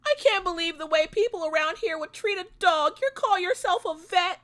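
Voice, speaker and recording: A woman doing a shrill, frantic dog-obsessed lady. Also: normal speed, a bit bright. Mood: outraged. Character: hysterical woman doting on her dog.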